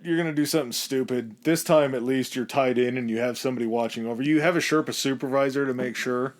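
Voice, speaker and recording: A man's voice: mid-range voice, fast talker. A man co-hosting a podcast in casual chat, easygoing and thinking aloud with ums and uhs. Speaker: podcast co-host.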